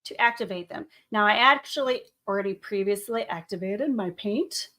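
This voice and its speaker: A woman's voice: medium pitch, moderate pace, pushed and bright. A woman art teacher leading a painting tutorial for children, upbeat and encouraging, speaking to the viewer as to her students. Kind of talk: classroom drawing tutorial.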